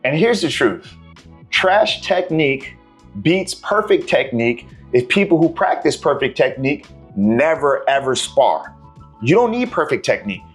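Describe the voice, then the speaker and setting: Dude coach vlogging, slangy and kinda profane, regular mid voice. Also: male voice, mid-range voice, moderate pace, soft background music. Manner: slangy, profane, animated storytelling. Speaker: martial arts coach. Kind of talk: casual talking-head coaching vlog.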